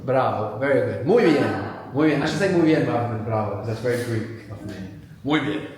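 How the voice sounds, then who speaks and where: A man's voice: mid-range voice, lively intonation, brisk, darkish tone. A male language teacher leading a live workshop, patiently quizzing learners and repeating words back to them. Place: workshop room with live audience. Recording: very echoey room.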